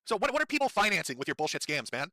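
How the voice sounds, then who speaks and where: A man ranting on a live stream, angry, profane and sarcastic, his throat strained from yelling. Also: sits high, sing-song, very fast, dry recording.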